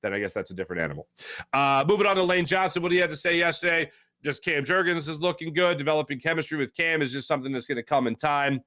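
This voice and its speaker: A man's voice: fairly high pitch, quick pace, sharp tone, no room sound, studio quality. A man hosting a sports talk show, rambling casually and animatedly with lots of fillers and restarts. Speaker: sports radio host.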